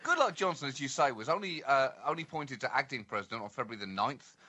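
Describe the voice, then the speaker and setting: A man's voice: medium pitch, expressive, fast, sharp tone. A man co-hosting a satirical comedy chat, mock-earnest as he spins absurd riffs. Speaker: podcast co-host.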